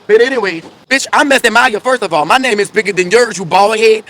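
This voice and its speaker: A man's voice: sits high, fairly quick, a bit bright, slight background noise. A man in a brash, profane comedic rant full of insults.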